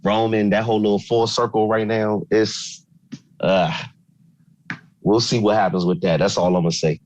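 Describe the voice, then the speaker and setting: Deep-voiced slangy man. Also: little pitch movement, moderate pace, a little mellow, rough recording. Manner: laid-back, slangy, rambling. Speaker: podcast co-host. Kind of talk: casual chat.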